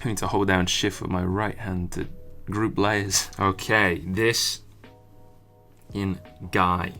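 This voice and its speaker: Bright-voiced young man drawing. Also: deep voice, flat delivery, slow, soft background music. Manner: chatty, swears often, frustrated muttering. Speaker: artist streamer. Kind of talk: casual drawing commentary.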